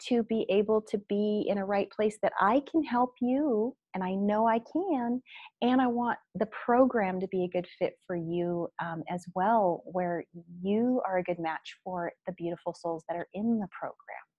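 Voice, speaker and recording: A woman coach speaks with earnest, effusive warmth about transforming lives. Her voice sits at a middle pitch and sounds dry and close, with little room around it. It is a casual video chat. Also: no room sound, highs cut off. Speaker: host, spiritual coach.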